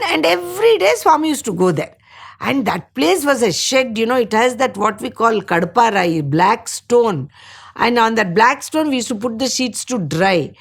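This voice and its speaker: An older woman from India tells her memories in conversation, and she acts out the people in them. Her voice is gravelly and a little husky. Her pitch swings widely as she talks. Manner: animated storyteller acting out voices. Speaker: devotee sharing memories. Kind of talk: storytelling in conversation.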